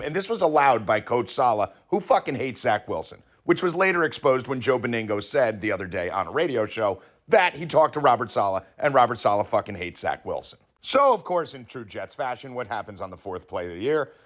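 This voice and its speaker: A man hosting a sports betting show, telling a comic conspiracy story with heavy swearing and acted-out quotes. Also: mid-range voice. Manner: profane, animated storyteller acting out quotes.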